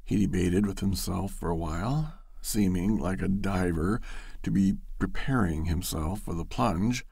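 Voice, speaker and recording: A man narrating a classic story in an expressive, storytelling manner. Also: low-pitched, unhurried, vocal fry, husky, no echo.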